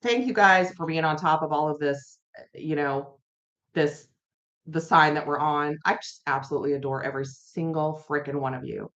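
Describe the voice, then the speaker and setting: A woman's voice: deep voice, little pitch movement, normal speed, a bit bright. A woman hosting a casual live-stream tarot reading from home, chatty and rambling, repeating herself and talking to viewers in chat. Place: her home. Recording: dull lo-fi audio.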